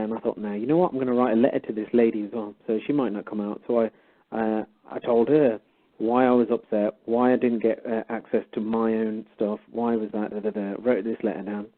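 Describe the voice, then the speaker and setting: A man casually retelling a story, animatedly acting out both sides of a conversation. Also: fairly low pitch. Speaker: guest storyteller. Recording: tinny phone-like line.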